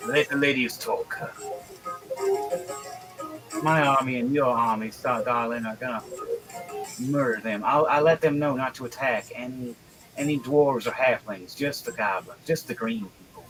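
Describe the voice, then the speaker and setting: A man voicing a gruff older male dwarf lord who smokes a pipe, talking bluntly and slowly. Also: mid-range voice, over music, lightly acted, low-quality recording.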